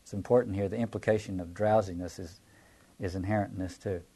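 A man's voice: low voice, fairly even intonation, quick pace, warm tone. A man teaching a Bible passage in a reflective lecture, often restarting phrases and repeating words as he explains.

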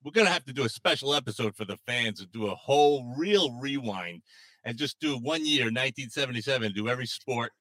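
A man chimes in on a casual sports talk show with a bright, forceful voice and animated intonation. He sounds dry and close, brisk and offhand. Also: mid-range voice, no echo, rough recording.

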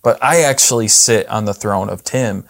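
A man's voice: lowish voice, moderate pace, a bit bright, no echo. A man co-hosting a casual Bible discussion, talking in a loose, conversational way with frequent restarts and asides. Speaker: Bible study co-host.

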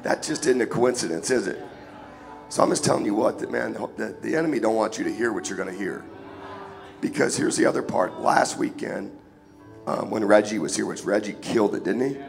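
Hoarse, sniffling man preaching over music. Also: lowish voice, brisk. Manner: casual, joking, calls for amen. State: congested, sniffling and hoarse from a cold. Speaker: guest preacher. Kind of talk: sermon. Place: church sanctuary.

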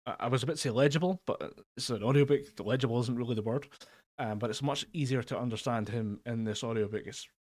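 A man's voice: medium pitch, fast talker, a little mellow. A man co-hosting a podcast over a remote call, chatting casually in a rambling way with frequent fillers and laughs. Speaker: podcast co-host. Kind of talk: casual chat. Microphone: remote call mic.

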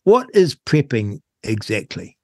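A man's voice: mid-range voice, very animated, unhurried, mellow, dry recording, clean studio sound. A man, hosting talk radio in a chatty, enthusiastic way. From New Zealand. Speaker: radio host.

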